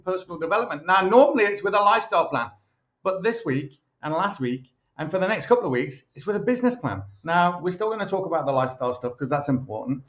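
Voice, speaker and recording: A man's voice: fairly high pitch, a bit bright. A man hosting a casual personal development show, chatty and full of fillers. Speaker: host. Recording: echoey, dull lo-fi sound.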